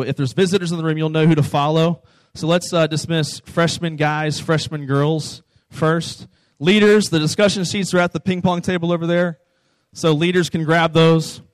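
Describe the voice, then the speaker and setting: A man's voice: on the high side, no echo. A young man, a youth pastor, telling a personal story to a youth group in a casual, conversational way, often checking in with "right?".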